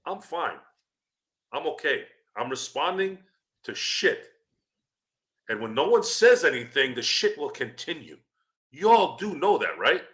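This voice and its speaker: A man hosting a podcast, ranting angrily and with heavy profanity, his delivery swinging from a low growl to loud outbursts. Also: sing-song, measured pace, long pauses. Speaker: podcast host.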